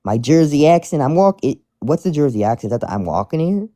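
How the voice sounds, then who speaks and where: Rambling, lively-voiced man chatting. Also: fairly high pitch, fast talker, no echo, clean studio sound. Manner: rambling, with many restarts. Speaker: streamer reading fan mail. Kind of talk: casual chat.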